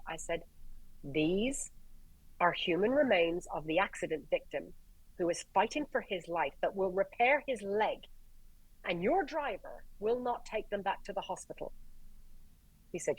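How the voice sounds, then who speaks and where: An Irish woman, a paramedic guest, telling stories in a lively way, swearing and acting out the dialogue. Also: medium pitch, moderate pace, long pauses, breathy edge, dry recording, poor audio. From Ireland. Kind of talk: animated storytelling in conversation.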